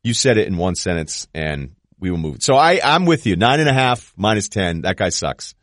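A middle-aged man co-hosting a casual comedy podcast, animated and sarcastic, slipping into put-on voices for jokes. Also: deep voice, fairly quick, dry recording, clean studio sound. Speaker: podcast co-host.

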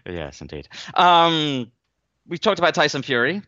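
A man's voice: on the high side, very animated, unhurried, pushed and bright, dry recording, highs cut off. A man talking boxing as an analyst on a podcast, dry and wry, with many fillers and restarts. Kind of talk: podcast chat.

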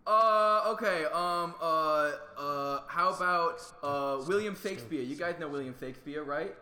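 A man's voice: a little high, unhurried, pushed and bright. A man playing Marvin Darwin, the touchy brother of a famous naturalist, whose strange voice he calls a speech impediment. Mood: defensive. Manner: touchy, defensive. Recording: echoey room with long reverb.

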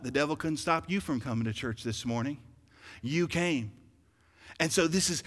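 A male pastor preaching a sermon, shifting from conversational asides to loud, emphatic calls to the congregation. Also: a little high, moderate pace, long reverb tail. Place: church sanctuary.

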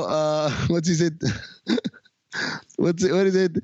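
A man's voice: on the high side, slow pace, dry recording, muffled recording. A man hosting a casual podcast chat, retelling a TV episode with jokes and laughter. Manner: animated, laughing, jokey storytelling. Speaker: podcast host.

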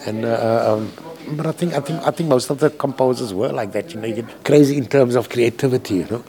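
A man's voice: mid-range voice, fast talker, gravelly, warm tone. A man, a composer, talking candidly and emotionally in a rambling, profane way from a hospital room.

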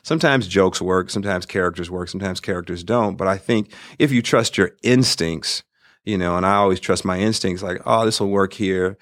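Older male guest, lowish voice, animated storyteller, dry close mic. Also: a little fast, dry recording. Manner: animated storyteller who slips into impressions. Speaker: guest filmmaker and comedian. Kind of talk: casual interview talk.

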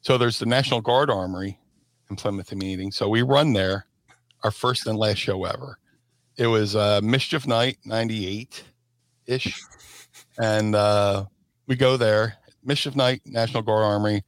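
A middle-aged man, a former wrestler telling lively stories on a podcast and acting out voices. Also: lowish voice, measured pace, no room sound. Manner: animated, acts out voices and shouts in stories. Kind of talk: casual storytelling.

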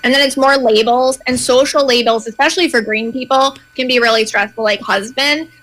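A woman gives an aura reading in a confident, reassuring way. Her voice is high and bright, with a sharp edge. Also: steady tone, a little fast, low-quality recording. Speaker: aura reader. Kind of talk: psychic reading.

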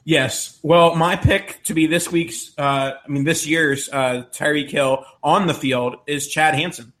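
A man co-hosting a casual sports podcast, laying out his picks in a steady, explanatory way. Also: on the high side, unhurried. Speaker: podcast co-host.

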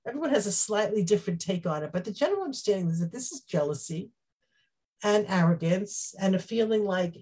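A woman teaching a Bible class, explaining the text with Hebrew terms and acting out the quoted speech with lively energy. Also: mid-range voice, fairly quick, slightly rough. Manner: animated, acts out quoted speech.

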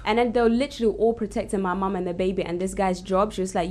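A woman, a podcast guest in casual chat, talking haltingly with lots of fillers in an even tone. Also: mid-range voice. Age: 20s.

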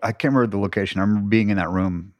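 A man's voice: on the low side, fairly even intonation, rapid-fire, a little mellow, dry recording. A man co-hosting a podcast in casual chat, joking and playful. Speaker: podcast co-host.

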